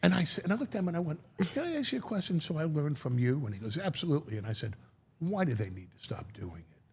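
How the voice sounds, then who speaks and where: A middle-aged man telling stories in a sit-down interview, animated and prone to repeating words, acting out the voices of the people he quotes. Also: on the high side, fast, husky. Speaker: guest.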